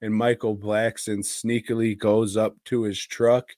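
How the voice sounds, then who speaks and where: Slow-talking crude man on a podcast. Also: lowish voice, flat delivery, darkish tone, no room sound, studio quality. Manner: crude, rambling, teasing. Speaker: podcast co-host. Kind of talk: casual chat.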